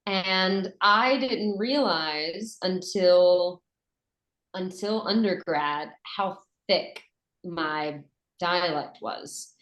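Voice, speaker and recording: A woman's voice: on the low side, very slow. Chatty Southern woman in an echoey room. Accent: Western North Carolina Southern, softened. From Western North Carolina, USA. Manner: chatty, animated, with fillers and restarts. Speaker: voice actress and dialect coach. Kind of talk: conversational interview.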